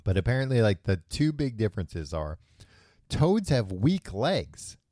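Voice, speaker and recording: A man's voice: on the low side, very animated, unhurried, mellow, no room sound, studio quality. A man hosting a podcast, casually retelling a book's plot with loose, offhand quoted voices. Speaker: podcast host. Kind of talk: casual book discussion.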